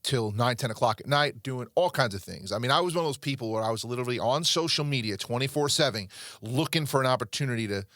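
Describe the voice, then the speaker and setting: A middle-aged man hosts a relaxed podcast conversation, telling personal stories in a rambling, earnest manner. His voice sits at an average pitch and sounds dry and close to the mic. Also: fast, no room sound. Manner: rambling, earnest storytelling with many restarts. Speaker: podcast host. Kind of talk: casual podcast chat.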